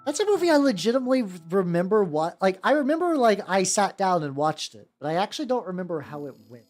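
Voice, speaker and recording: A woman's voice: mid-range voice, sing-song, fast, a little mellow, faint music behind. A woman chatting casually on a miniature painting stream, rambling with many restarts and some swearing. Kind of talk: casual livestream chat.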